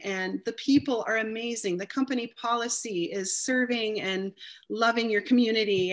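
A woman talking as a guest in a casual interview, telling her story with animated energy and acting out the voices of other people. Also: mid-range voice.

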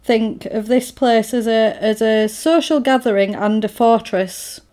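A woman's voice: fairly high pitch, a little slow. Chatty woman recapping a film. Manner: animated storytelling, acts out the characters' lines. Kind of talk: casual film recap chat.

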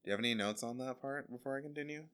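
A man's voice: mid-range voice, rapid-fire, a bit bright, smooth. A man hosting a podcast in casual chat, rambling and joking as he recaps a TV episode. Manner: rambling, joking, paraphrases scenes. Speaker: podcast host.

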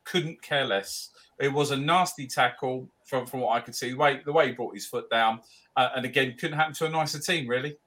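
A man with a bright, forceful voice chats about football. He is blunt and rambling, stumbling and restarting often. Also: medium pitch, a little fast. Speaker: podcast panelist. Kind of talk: casual chat.

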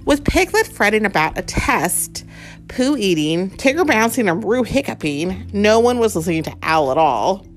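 A woman's voice: mid-range voice, normal speed, faint music behind. A woman in her thirties reading a storybook aloud to her child, with chatty asides between pages. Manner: reads with lively put-on character voices, chats warmly between pages. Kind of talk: storybook read-aloud with chat.

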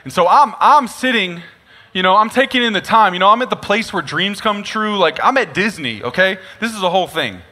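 A young man preaching a sermon, telling a comic story with lively asides. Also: high-pitched, a little fast. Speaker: pastor. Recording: long reverb of a large hall.

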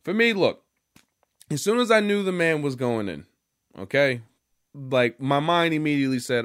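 A man's voice: on the high side, expressive, normal speed, pauses often, a bit bright, clean tone, no echo, studio quality. A young man telling a story to the camera in a loose, rambling, profane way, full of restarts and fillers. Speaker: vlogger. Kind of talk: casual storytelling monologue.

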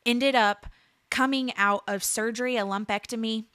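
A woman's voice: a little high, steady tone, normal speed, a bit bright, dry recording, studio quality. A woman in her thirties giving an earnest preaching testimony, building emphasis through repeated phrases. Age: 30s. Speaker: speaker sharing a faith testimony.

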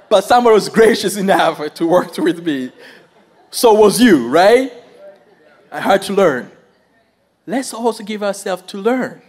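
A man preaching a sermon and telling a personal story, animated, talking to the audience and laughing often as he goes. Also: high voice.

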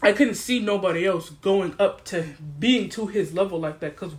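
A young woman guest on a podcast, talking in an emphatic, animated, slangy way. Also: mid-range voice, moderate pace. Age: young adult. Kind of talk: casual podcast chat.

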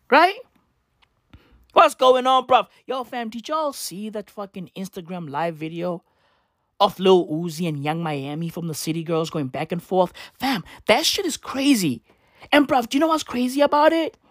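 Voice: medium pitch, no echo, clean studio sound. A host ranting in a profane, rambling comedic commentary, incredulous and full of slang.

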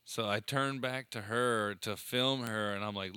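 A man tells funny stories in a loose, animated chat, laughing as he goes. His voice is very bright and crisp. The sound is dry and close, with no room around it. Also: lowish voice, a little slow, dry recording. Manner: animated storyteller, laughs often. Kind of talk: casual chat.

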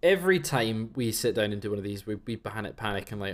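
A man's voice: on the low side, very animated, fast, fairly bright tone. A young man co-hosting a podcast, chatting casually and acting out quoted exchanges as he tells stories. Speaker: podcast co-host. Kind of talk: casual chat.

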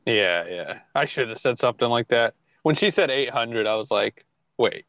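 A man's voice: medium pitch, lively intonation, moderate pace, fairly bright tone, dull audio. A man co-hosting a podcast in casual chat, who laughs a lot and swears freely. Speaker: podcast co-host.

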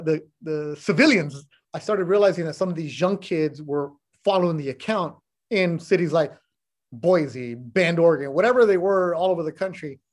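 A middle-aged man with a fairly high-pitched voice talks casually as a guest on a podcast. He tells his stories bluntly and with plenty of animation, dropping the odd swear word along the way. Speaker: sports broadcaster, podcast guest. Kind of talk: casual chat.

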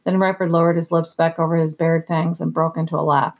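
An audiobook narrator reads in a steady, measured way, with a gravelly voice pitched in the middle range. The audio is a little dull and muffled, like a modest recording made at home.

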